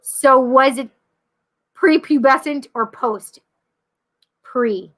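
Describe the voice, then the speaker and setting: A woman in her thirties from the Rochester area, hosting a casual livestream as a psychic medium, chatty and quick to laugh, acting out the people she quotes. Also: high voice, fairly bright tone. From Rochester area, New York. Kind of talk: casual livestream chat, reading viewer comments.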